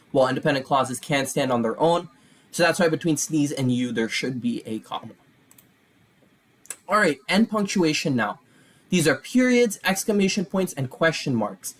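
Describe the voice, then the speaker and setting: Male tutor, grammar lesson, step-by-step explaining, slightly higher voice. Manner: explains step by step with fillers and restarts, rising on new topics.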